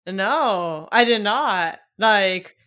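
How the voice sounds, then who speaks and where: Bright-voiced woman co-host. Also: medium pitch, expressive, drawn-out words, lo-fi sound. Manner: listens with short murmurs, laughs easily. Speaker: podcast co-host. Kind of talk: casual chat.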